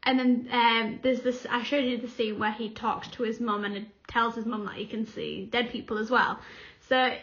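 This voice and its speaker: A woman's voice: fairly high pitch, little pitch movement, moderate pace, a bit bright, lo-fi sound. A young woman co-hosting a podcast, telling stories in casual chat and acting out quotes with frequent laughter. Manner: chatty storytelling, acts out quotes, laughs often. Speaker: podcast co-host.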